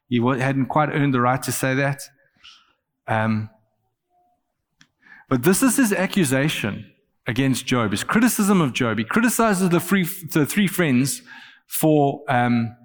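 A man preaching a sermon, earnest, growing animated as he quotes scripture. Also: mid-range voice, big-room sound. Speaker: pastor.

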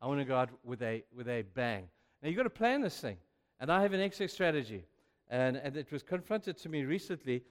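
An older man preaches at medium pitch and a slightly fast pace, storytelling through his sermon. He acts out the dialogue with mounting animation and a rising voice, and the recording carries long hall reverb.

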